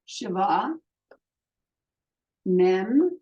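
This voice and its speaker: Slow, patient woman teaching Hebrew. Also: medium pitch, big pitch swings, dark tone, muffled recording. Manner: slow, patient, sounds out syllables for learners to repeat. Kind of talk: online language lesson.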